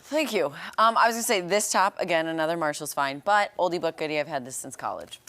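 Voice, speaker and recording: A woman's voice: low voice, animated, fast talker, a bit bright. A woman co-hosting a morning television show, chatting playfully and often breaking into giggles. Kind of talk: casual on-air banter.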